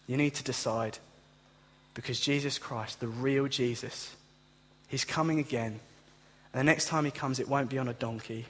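A man's voice: medium pitch, fairly even intonation, normal speed, a bit bright, slightly rough. A man pastor preaching a sermon, speaking straight to his congregation with passion. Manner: impassioned preaching, direct address to listeners. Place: church. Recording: long reverb in a hall.

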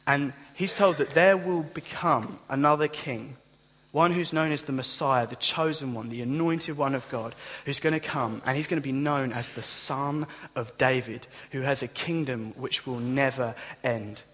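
In a big-sounding room, a man with a mid-range voice delivers a sermon at a slightly slow pace. His storytelling is lively and funny, and he performs the voices of each character.

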